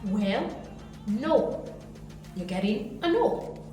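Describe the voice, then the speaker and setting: A woman giving an animated motivational talk who lectures her viewers and acts out little voices. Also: mid-range voice, extremely slow. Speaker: motivational vlogger. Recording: very echoey room, faint music behind.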